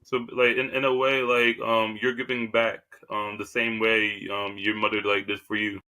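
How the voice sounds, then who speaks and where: A man hosting a casual podcast, asking questions in a halting way with many fillers. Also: lowish voice, little pitch movement, pushed and bright. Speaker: podcast host.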